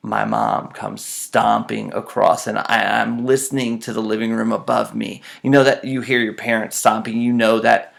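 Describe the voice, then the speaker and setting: Man, gravelly voice, casual self-mocking storyteller with a flair for drama. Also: on the low side, little pitch movement, normal speed, few pauses.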